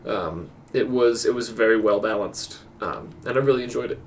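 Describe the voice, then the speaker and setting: A man's voice: on the low side, moderate pace, recorded from a distance, slight background noise. A man co-hosting a casual podcast, rambling through his thoughts with many ums and restarts. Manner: rambling, filler-heavy, stops and restarts. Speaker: podcast co-host. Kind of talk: casual chat.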